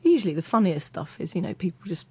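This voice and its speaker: A woman's voice: lowish voice, very animated, quick pace, mellow, breathy edge, no echo. A woman comedy writer answering interview questions in a chatty way, full of "sort of" and "you know". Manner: chatty, hedging with fillers.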